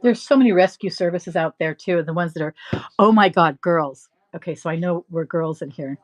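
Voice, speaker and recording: A middle-aged woman hosting a live resale stream, rambling through animated stories and laughing often. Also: fairly low pitch, fairly quick. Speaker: live-stream reseller host. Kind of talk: chatty live-selling stream.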